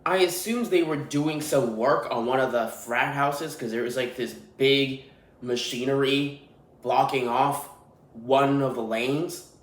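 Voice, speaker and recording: A man with a somewhat high voice rants through his podcast, irritated and swearing freely. The room around him gives his voice a noticeable echo. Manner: irritated, profane, ranting. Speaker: podcast host. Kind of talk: solo podcast rant. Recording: roomy echo.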